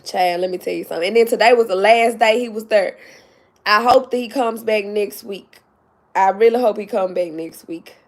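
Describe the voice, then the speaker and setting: Speaking at a moderate pace in a medium-pitched voice, a female YouTube vlogger is on a casual livestream chat. She's emphatic and tearful with joy, addressing viewers as "y'all" and "baby."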